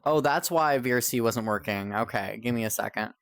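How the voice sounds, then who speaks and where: A man's voice: mid-range voice, fairly quick, a bit bright, no echo, clean studio sound. A young man live-streaming, chatting to viewers in a rambling, exasperated way and swearing often as his game keeps failing. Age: young adult. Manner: exasperated, rambling, swears a lot, talks to chat. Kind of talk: live-stream chat while gaming.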